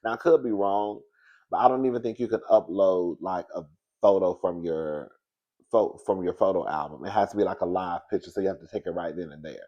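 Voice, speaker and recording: Man, sassy gossip host, animated, frequent laughter. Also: low voice, a little fast, muffled recording. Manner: animated, sassy, laughs often, calls listeners girl and baby. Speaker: commentary show host. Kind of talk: casual gossip commentary.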